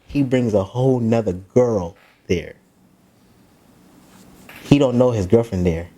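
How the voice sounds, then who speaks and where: A man's voice: medium pitch, takes it slowly. A man, a podcast co-host telling a story in casual chat, laughing and acting out the people in it. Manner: animated, laughing, acts out voices in the story.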